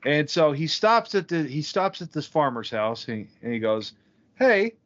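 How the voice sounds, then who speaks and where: A man's voice: fairly high pitch, lively intonation, normal speed, a bit bright. A man hosting a podcast, telling a joke in casual chat, swearing and easily exasperated. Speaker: podcast host. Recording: dull lo-fi podcast audio.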